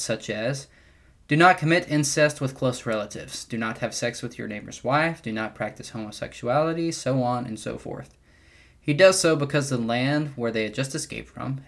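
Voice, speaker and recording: A young adult man hosting a podcast, giving an earnest, measured devotional teaching with occasional wry asides. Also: mid-range voice. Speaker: podcast host teaching the Bible.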